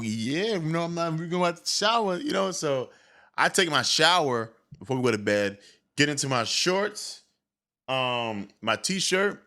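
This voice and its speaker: Candid, bright-voiced young man telling a story. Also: medium pitch. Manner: candid, animated, with stammered restarts. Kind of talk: casual comedic storytelling.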